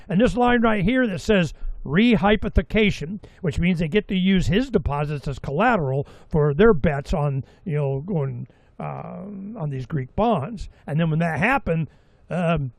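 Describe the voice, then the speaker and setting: Middle-aged guy hosting a talk show, kinda high voice, rambly and sarcastic, dry close sound. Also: animated, a little slow, gravelly, no echo. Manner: rambling, sarcastic, acts out quotes in mocking voices. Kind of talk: casual opinion monologue.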